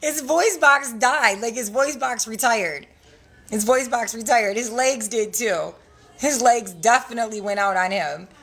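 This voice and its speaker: A woman's voice: fairly high pitch, measured pace. Blunt, profane woman on a livestream. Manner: profane, blunt, laughs often. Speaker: livestream host selling credit classes. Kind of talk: casual livestream chat.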